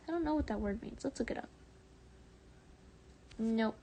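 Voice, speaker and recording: Gravelly-voiced woman streamer reading aloud. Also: fairly high pitch, normal speed, slight background noise. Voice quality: often soft and breathy, drifting into whispers. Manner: reads with stumbles and self-corrections, chats with viewers in between. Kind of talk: reading fan fiction aloud on a live stream.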